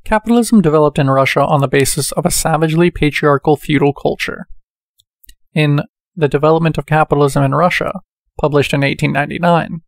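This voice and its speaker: A man reading a book aloud in a measured way, speaking the quotation marks as he goes. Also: a little high, vocal fry, no echo, clean studio sound. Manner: measured, reads quotations with quote marks spoken. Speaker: audiobook reader.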